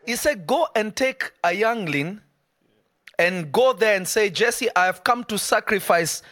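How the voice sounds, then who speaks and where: A man preaching a live sermon, emphatic and conversational, breaking into quick asides. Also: high-pitched, lively intonation, fairly bright tone, dry recording, clean studio sound.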